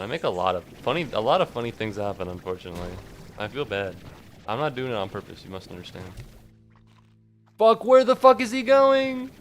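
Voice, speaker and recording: A man giving casual, foul-mouthed commentary as he plays a game, talking to the creatures on screen and to his chat. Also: lowish voice. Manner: chatty, swears freely, talks to game creatures; talks to chat between bouts of play. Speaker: gaming streamer.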